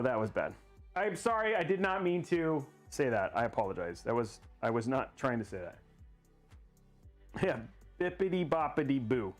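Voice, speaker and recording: A man's voice: medium pitch, big pitch swings, brisk. A man hosting a casual livestream while building a PC, rambling and joking at himself as he talks to chat. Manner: rambling, goofy, laughs at himself. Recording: faint music behind the voice.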